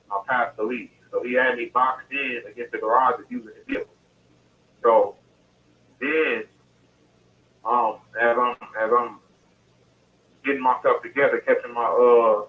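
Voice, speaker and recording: Over a tinny phone line, held away from the mouthpiece, a man with a medium-pitched voice tells an interviewer his story in casual detail, often restarting and repeating phrases.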